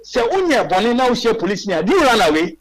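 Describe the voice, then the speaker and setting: A man's voice: sits high, big pitch swings, fast talker, low-quality recording. A man in his forties with a Ghanaian accent, a guest on a radio talk show, making his case emphatically and firing off rhetorical questions. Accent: Ghanaian English. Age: 40s.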